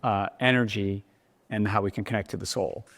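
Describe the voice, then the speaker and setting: A man's voice: lowish voice, steady tone, brisk, a bit bright. A man on a live panel, explaining ideas and checking in with 'right?' as he goes. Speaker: panel speaker. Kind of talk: explanatory discussion at a live event. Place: large room before a live audience. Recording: reverberant hall.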